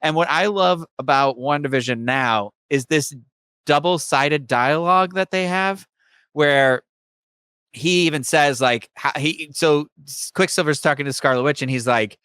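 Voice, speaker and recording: A man with a bright, crisp and smooth voice, chatting on a podcast. He talks like an eager fan, rambling through long explanations in a loose, casual way. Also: a little high, measured pace, no room sound. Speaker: podcast co-host.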